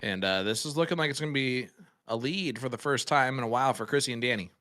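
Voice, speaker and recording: A man's voice: mid-range voice, fast talker, pushed and bright. A man commentating live darts, calling throws and joking with his co-commentator. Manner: joking, banters with co-host.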